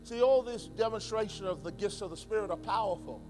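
A male pastor preaching an emphatic sermon, swinging between loud declarations and quiet asides. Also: high voice, a little fast, music in the background. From England. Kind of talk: conference sermon.

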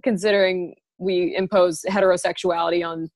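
A woman's voice: lowish voice, level tone, fairly quick, darkish tone. A young adult woman who is a guest on a podcast. She banters in a playful, joking way. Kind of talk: casual chat.

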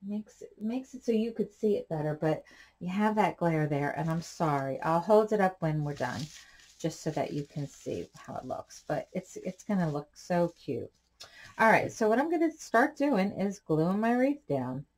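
A woman's voice: lowish voice, expressive, normal speed, a little mellow. A woman hosting a casual crafting tutorial, talking in a chatty, rambling way with side stories while she works. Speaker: craft channel host.

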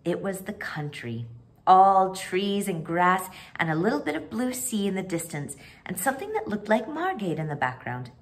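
A woman reading a children's book aloud as a storyteller, expressive and animated. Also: mid-range voice, normal speed.

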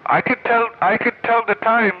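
A man voicing a dopey, spacey prank caller who rambles in a dreamy, oddly calm way. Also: extremely high pitch, moderate pace, voice pushed up. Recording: tinny phone line, faint noise.

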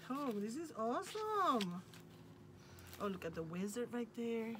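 A woman's voice: fairly high pitch, sing-song, measured pace. A woman, hosting a craft channel and gushing over the crafting supplies she unboxes. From Puerto Rico. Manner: gushing, enthusiastic. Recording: noticeable background noise.

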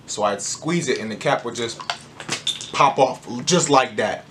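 Dude chatting a storytime to camera, mid voice, jokey, faint room hum behind. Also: male voice, mid-range voice, measured pace. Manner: animated, joking, acts out moments. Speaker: vlogger. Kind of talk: casual storytime vlog.

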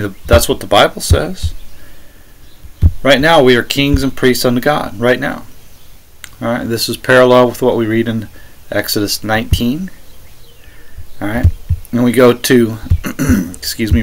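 Guy arguing against a sermon, slow and deliberate, sarcastic, keeps hammering the same point. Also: medium pitch, a bit bright. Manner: argumentative, sarcastic, insistent repetition. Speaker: religious commentator. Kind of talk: rebuttal commentary on a recording.

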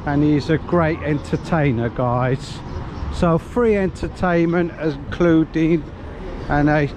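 A man's voice: on the high side, slow. A man giving a chatty, upbeat walking tour outdoors, talking to viewers while he walks along a resort street with a camera. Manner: chatty, upbeat, keeps addressing viewers as guys. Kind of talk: casual walking-tour commentary. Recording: clear street traffic noise behind.

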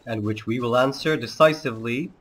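A man hosting a let's play, talking over his gameplay in a put-on Serbian accent. He delivers his lines in a mock-solemn, declamatory way at an ordinary middle pitch, with a faint hiss under the voice. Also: a little fast. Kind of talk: gameplay commentary.

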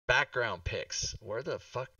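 Exasperated swearing man, bright voice. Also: mid-range voice, animated, takes it slowly, no echo, recorded from a distance. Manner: exasperated, swears, restarts often. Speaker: talk show host. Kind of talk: casual livestream chat.

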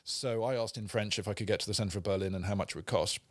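Low-voiced English man telling rambling anecdotes. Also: quick pace. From England. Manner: rambling anecdotes with dry self-deprecating humour. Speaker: podcast co-host. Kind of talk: casual chat, storytelling. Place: studio. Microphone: studio microphone.

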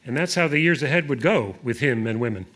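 Man, poet, live poetry reading, deliberate, hesitant asides. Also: medium pitch, lively intonation, a bit bright.

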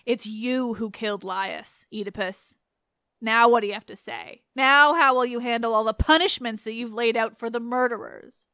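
A woman voicing a grave old blind male prophet, reading his lines slowly and deliberately. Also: a little high, bright, forceful tone, clear, resonant tone, no room sound. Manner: slow, measured quoting.

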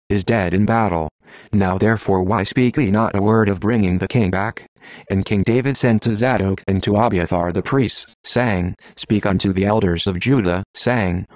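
A man reads old scripture aloud in a deep, low voice. His delivery is steady and measured, in the manner of an audiobook. The recording is dry and close, with no room sound. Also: no echo. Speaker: scripture reader.

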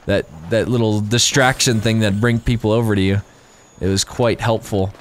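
A man giving casual, rambling let's-play commentary while gaming, excitable and quick to laugh. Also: lowish voice, slight background noise. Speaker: gaming YouTuber.

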